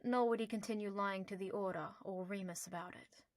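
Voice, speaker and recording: A woman narrating an audiobook in a lively, playful storytelling manner. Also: medium pitch, a little fast, no echo.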